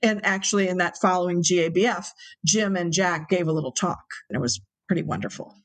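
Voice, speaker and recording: A woman telling a story as an interview guest, animated and acting out the people she quotes. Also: lowish voice, fairly quick. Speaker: interview guest, brewery owner.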